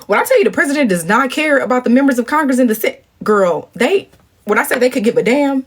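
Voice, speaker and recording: A young woman from St. Louis talks straight into her phone on a livestream. She tells her story casually and profanely and keeps calling her viewers y'all and girl. Her husky voice swings widely up and down in pitch. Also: animated, fast talker. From St. Louis, USA. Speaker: livestream host. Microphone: phone at arm's length.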